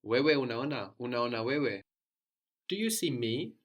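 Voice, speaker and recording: A man teaching a language lesson, patient and prompting, often checking understanding with a quick "no?". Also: mid-range voice, very animated.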